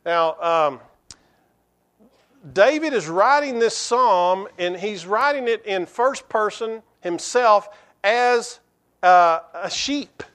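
A man preaching a sermon as pastor, with halting restarts and fillers, slowing down to read scripture. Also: high-pitched, expressive, fairly bright tone. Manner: slows to a measured pace when reading scripture aloud.

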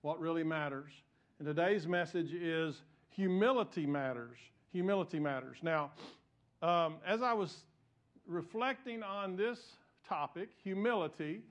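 High-voiced pastor telling a joking sermon. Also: male voice. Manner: joking, self-mocking storytelling with frequent restarts.

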